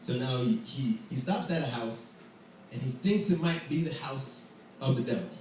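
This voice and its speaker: A man's voice: medium pitch, moderate pace, darkish tone, far from the mic, a little hiss or hum. Playful male storyteller in an echoey hall. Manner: playful, chatty asides. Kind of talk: live storytelling.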